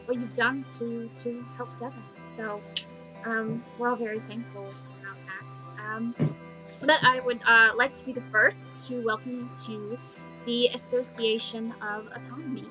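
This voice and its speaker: A woman voicing an eager young female mage who leads a magical association, speaking in a bubbly, excitable way with many fillers. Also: on the high side, measured pace, over music, natural voice, low-quality recording. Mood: excited.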